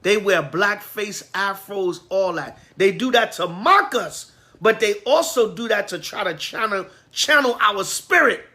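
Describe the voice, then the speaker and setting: Fiery, blunt man preaching high and forceful. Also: expressive, a little slow, hardly any pauses. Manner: blunt, slangy and fiery, with digressions. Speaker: priest. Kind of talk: preaching Bible class.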